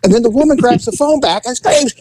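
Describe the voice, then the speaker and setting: A middle-aged man telling a story in casual chat, acting out voices with big jumps in pitch. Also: a little fast, heavy background noise.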